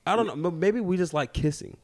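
A man's voice: sits high, fast. A young man co-hosting a podcast, chatting casually and teasing his partner playfully. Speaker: podcast co-host. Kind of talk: casual chat.

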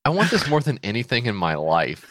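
A man's voice: mid-range voice, very animated, a little fast, fairly bright tone, dry recording, clean studio sound. A man co-hosting a comedy podcast, riffing with sarcastic disbelief in casual chat. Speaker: podcast co-host.

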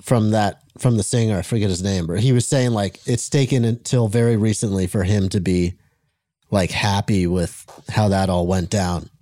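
Podcast co-host, man, warm dark tone, dry close mic, easygoing chatter. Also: fairly low pitch, fairly even intonation, normal speed, dry recording. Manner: laid-back, frequent agreeing and laughing. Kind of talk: casual chat.

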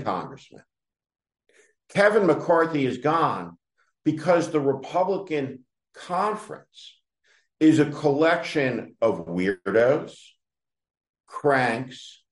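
A man talking slowly and deliberately in a higher-than-usual, lively voice, biting down hard on each word with open scorn. He is a political commentator launching a direct-address rant. The sound carries a roomy echo. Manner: scornful, emphatic, addresses his target directly.

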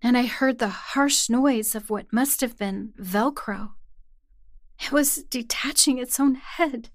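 A woman narrating a first-person horror story in a tense, hushed way. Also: fairly high pitch, takes it slowly, dry recording, studio quality. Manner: tense, hushed storytelling that rises to anguished cries.

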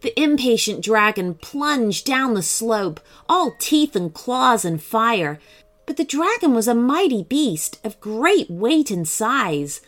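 Woman reading a kids story, slow and super animated, faint music under it. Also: fairly high pitch. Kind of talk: children's bedtime story narration.

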